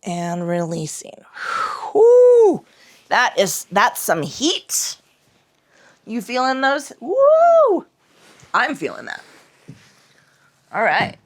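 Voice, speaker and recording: Brief: woman yoga teacher, mid-pitched voice, talks students through breath and leg lifts with blunt, playful profanity. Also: lively intonation, slow pace, long pauses, bright, forceful tone. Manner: profane, frank and playful while cueing breath. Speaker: yoga instructor. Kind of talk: guided yoga class instruction.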